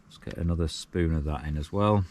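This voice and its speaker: A man's voice: rumbling low, a little fast, a little mellow, a little hiss or hum. A Yorkshire man vlogging casually from inside a small tent while wild camping, chatty and self-mocking with frequent chuckles. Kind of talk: casual camping vlog chat.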